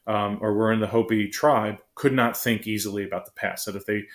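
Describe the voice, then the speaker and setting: Guy teaching a class, kinda low voice, talks fast, says "right?" and "um" a lot. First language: English. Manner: quick, conversational, frequent "right?" and "um". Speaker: lecturer. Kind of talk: classroom lecture.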